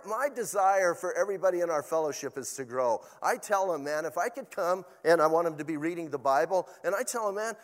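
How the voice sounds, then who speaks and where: A man's voice: high voice, in a large hall. An older man, a pastor, preaching a sermon in a chatty, storytelling way with asides to the congregation.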